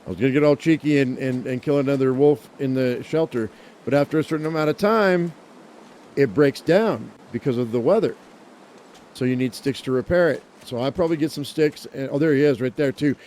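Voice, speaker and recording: Man, gameplay commentary, chatty and self-talking, mellow warm tone, mid pitch. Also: brisk, a little hiss or hum. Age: adult, owns a dog. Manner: chatty, talks to himself and viewers, jokey exclamations. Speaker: let's play gamer.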